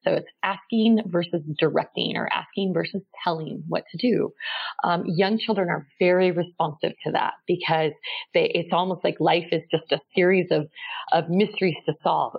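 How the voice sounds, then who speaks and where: A woman with a lowish voice and a gravelly, fry-touched texture speaks calmly and patiently as a parenting guest. Her measured explanations come through a slightly dull, lo-fi recording. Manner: calm, measured, gently explanatory. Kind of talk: explaining parenting tips in an interview.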